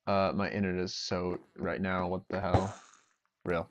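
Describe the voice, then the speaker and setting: A man's voice: low-pitched, flat delivery, normal speed, a little hiss or hum. A young man chatting casually while streaming a game, rambling and joking to himself. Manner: rambling, joking self-talk. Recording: dull lo-fi sound.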